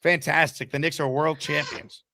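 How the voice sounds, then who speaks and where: A man hosts a live sports call-in show, reading giveaways and chatting with callers in a fast, hyped delivery. His voice is bright and forceful and sits a bit high for a man, recorded dry and close. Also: no echo. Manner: energetic, hyped, fast promo reads. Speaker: sports talk show host.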